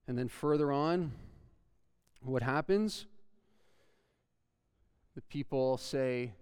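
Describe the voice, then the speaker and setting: A man's voice: mid-range voice, slow pace, long pauses, a little mellow, smooth. A male pastor preaching a sermon, earnestly reading scripture aloud and building emphasis as he explains it. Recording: long hall reverb.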